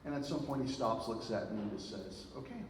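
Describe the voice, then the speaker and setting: A man's voice: on the low side, brisk. Man speaking in an echoey hall from afar. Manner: animated storytelling with frequent fillers and asides. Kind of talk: public speech to a live audience. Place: event hall with an audience. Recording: very echoey hall from far off, noisy.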